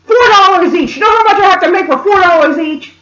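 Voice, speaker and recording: Woman putting on a shrill screeching scolding mother. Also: expressive, quick pace, a bit bright. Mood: guilt-tripping. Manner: screeching, bossy, repeats orders. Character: shrill, frantic young mother scolding her kids. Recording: roomy, dull lo-fi sound.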